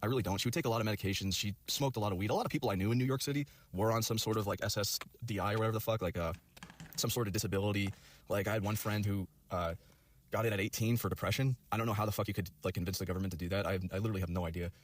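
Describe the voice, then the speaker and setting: Young guy, very fast talker with a lowish voice, rambling storyteller who swears constantly. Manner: rambling, heavy on fillers and profanity. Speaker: storyteller in a video clip.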